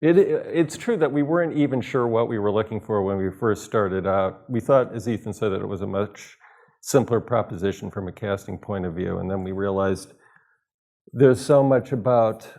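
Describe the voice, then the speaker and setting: A man on a panel, talking about his work in relaxed anecdotes. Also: lowish voice, moderate pace. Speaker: film director, panelist. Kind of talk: panel discussion.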